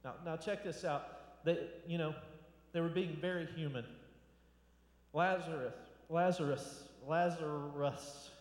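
Fairly high-voiced pastor preaching in echoey hall. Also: male voice, moderate pace, a little mellow. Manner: informal, repeats words, restarts phrases. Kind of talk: conversational sermon. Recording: echoey hall with long reverb.

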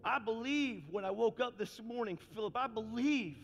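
A man preaching a sermon as pastor, talking fast and frankly, then building into impassioned, fiery calls to his congregation. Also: extremely high pitch, vocal fry, fairly bright tone. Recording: long reverb with faint music.

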